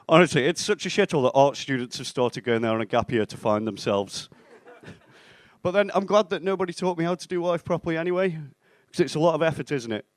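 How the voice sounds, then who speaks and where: A young man performing a stand-up set in a comedy club, with a deadpan, self-mocking delivery and acted-out bits of dialogue. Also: fairly high pitch, no echo. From England (Stoke-on-Trent).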